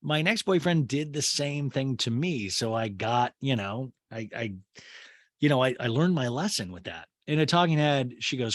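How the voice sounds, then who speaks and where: A man's voice: mid-range voice, expressive, normal speed, fairly bright tone, no room sound. A man hosting a podcast, rambling through a chatty episode recap with lots of filler words. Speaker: podcast host.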